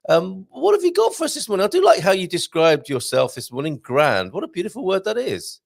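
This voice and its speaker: Male host, lively pitch and a gravelly edge, encouraging chat, dry close sound. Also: fairly quick, dry recording. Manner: encouraging, chatty interviewer. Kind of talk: casual live-stream chat.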